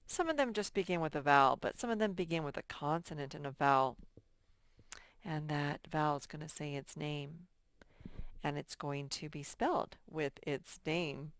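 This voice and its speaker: A woman's voice: low-pitched, clean tone, no echo, clean studio sound. A woman teacher giving a recorded phonics lesson to young children, patient and thinking aloud as she works. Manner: slow, patient, thinks aloud while sorting words.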